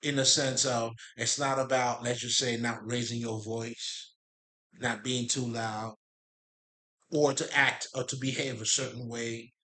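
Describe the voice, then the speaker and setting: A man talks through spiritual ideas in a loose, rambling monologue at a middle pitch. He drifts off track, drops street slang and curses freely, then laughs and picks the thread back up. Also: level tone, measured pace, pushed and bright. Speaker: spiritual talk host.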